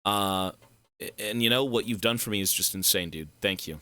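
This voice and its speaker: A male live streamer chatting casually and thanking donors, excitable and effusive, swearing freely. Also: fairly low pitch, normal speed, no room sound.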